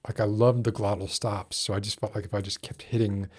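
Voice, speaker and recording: A man with a fairly low voice hosts a casual chat. He rambles and hesitates, restarting his sentences as he works through his thoughts. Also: little pitch movement, a little fast. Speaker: podcast host.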